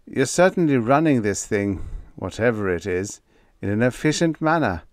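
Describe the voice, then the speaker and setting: A man's voice: medium pitch, expressive, normal speed, no echo, studio quality, lightly acted. A man voicing a timid, fussy government official who speaks in a small, plaintive voice. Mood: meek.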